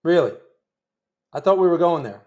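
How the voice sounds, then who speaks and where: A man with a fairly high voice hosts a live trading stream. He talks in a chatty, wry way as he follows the trades and speaks to viewers. The commentary runs loose and off the cuff. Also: expressive, moderate pace, a little mellow. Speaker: day trading livestream host.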